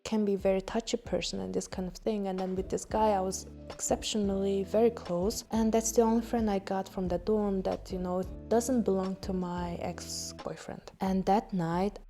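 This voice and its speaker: Young woman, podcast host, candid storytelling, frequent swearing, mellow tone, faint music underneath. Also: mid-range voice, fairly even intonation, normal speed, hardly any pauses. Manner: frank, swears often, laughs at herself.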